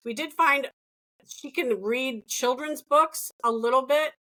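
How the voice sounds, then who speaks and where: A middle-aged woman speaks with a somewhat high, lively voice. She tells caregiving stories frankly, loosely and with the odd curse. Her talk is candid and conversational. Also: slow, rough recording. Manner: lively, frank, swears casually. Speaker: family caregiver.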